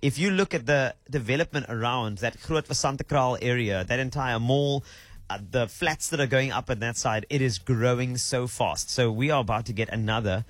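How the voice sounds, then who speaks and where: A man's voice: medium pitch, normal speed, no echo. Chatty man, dry sound. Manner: chatty, rambling with restarts. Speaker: host. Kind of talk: casual chat.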